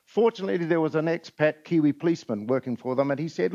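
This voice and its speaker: A man's voice: fairly high pitch, animated, fast, mellow. A man speaking at a conference, telling stories and jokes with frequent "uh" fillers. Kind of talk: motivational talk with jokes. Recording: lo-fi recording.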